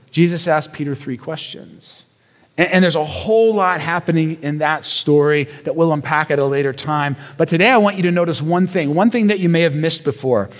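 Male pastor with a high, bright voice, preaching in a chatty storytelling way in a large echoing hall. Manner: conversational storytelling, emphatic repetitions, rhetorical questions. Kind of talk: sermon.

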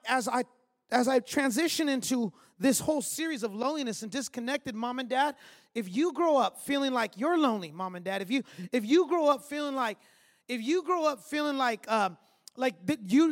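A pastor in his thirties preaches with a strikingly high voice, telling stories and tossing in emphatic little asides to the congregation. His sermon rings out with the long reverb of a large hall. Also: lively intonation, moderate pace. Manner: storytelling, conversational, emphatic asides.

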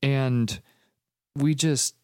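A man's voice: medium pitch, steady tone, extremely slow, a little mellow, smooth, no room sound. A man co-hosting a faith podcast in casual conversation, playful and enthusiastic, drifting into reflective musings. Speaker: podcast co-host.

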